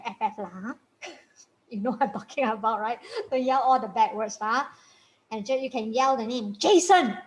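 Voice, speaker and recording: High-voiced, chatty woman parenting coach. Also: poor audio. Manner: chatty and encouraging, laughs often, repeats points, tag questions. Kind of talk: informal parenting talk.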